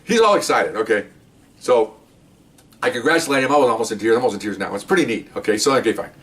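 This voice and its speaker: This middle-aged man, once a police detective, shares job stories in a loose, lively way for a casual storytelling podcast. He mimics what others said and checks in with "okay?" again and again, speaking fast in a mid-range voice picked up by a distant mic.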